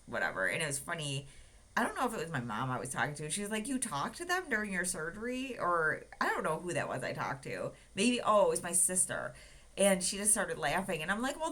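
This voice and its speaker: Low-voiced woman with a lively, chatty delivery. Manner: chatty, full of "like" and "um", acts out quotes. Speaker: vlogger. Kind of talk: casual personal storytelling.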